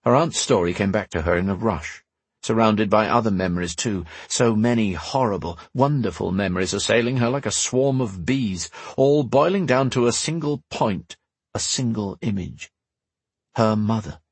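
Low husky male narrator. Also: no echo. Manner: measured storytelling, slowing for dramatic beats. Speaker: audiobook narrator. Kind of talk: scripted fantasy narration.

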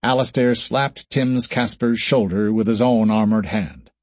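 Male narrator, husky, steady, dry close sound. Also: lowish voice, a little slow, no echo. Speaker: audiobook narrator. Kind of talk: scripted narration.

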